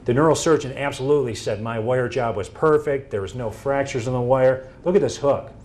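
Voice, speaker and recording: A man gives a talk to a room of listeners, his voice sitting at an ordinary middle pitch. He tells his cases as stories, acting out both sides of the dialogue with lively energy. A faint hiss of noise runs under the recording. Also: fairly quick. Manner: animated storytelling, acting out quoted dialogue. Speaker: presenter. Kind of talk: presentation talk to an audience.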